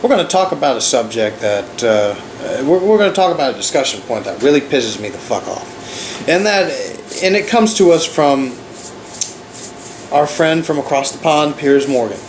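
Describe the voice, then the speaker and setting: A man's voice: a little high, animated, normal speed, reverberant, noisy background. A man ranting in a sarcastic, profane commentary as a vlogger.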